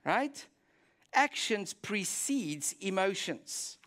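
A pastor delivers a sermon in a high-pitched man's voice, speaking extremely slowly. He tells a Bible story in an animated way, acting out the prayers quoted within it.

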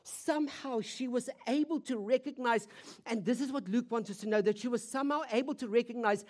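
A woman preacher giving a sermon, telling the story vividly with rhetorical questions and swinging between loud emphasis and hushed intensity. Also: on the high side, brisk.

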